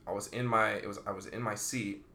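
A man's voice: on the low side, steady tone, a little fast, sharp tone, echoey room, slight background noise. A man in a laid-back chat, telling a story with lots of swearing and filler words.

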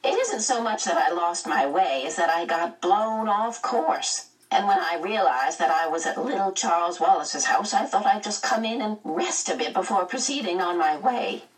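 A woman voicing an eccentric old woman bundled in scarves, with a creaky, folksy way of talking. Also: lowish voice, animated, moderate pace, hardly any pauses, recorded from a distance, lightly acted. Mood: chirpy. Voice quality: creaky like an unoiled gate.

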